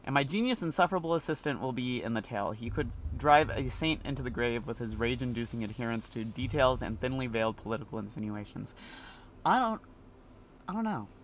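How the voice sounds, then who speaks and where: A man commenting on a video game as he plays, reading characters' lines aloud. His voice sits at an ordinary middle pitch, and he stays playful and animated, often joking between lines. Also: a little hiss or hum. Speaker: streamer. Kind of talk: let's play commentary.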